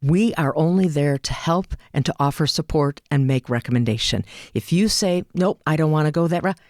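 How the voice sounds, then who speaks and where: Animated woman telling stories in an interview. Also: low-pitched, normal speed, no echo, clean studio sound. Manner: animated storyteller, acts out quoted dialogue. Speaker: hospice and palliative care advocate. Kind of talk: interview conversation.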